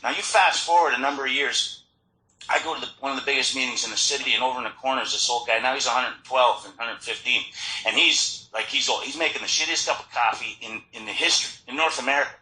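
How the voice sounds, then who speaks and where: A man giving a personal recovery talk at a meeting, telling his story in an animated way with frequent restarts, recorded in an echoey meeting hall. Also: mid-range voice, fast talker. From Florida.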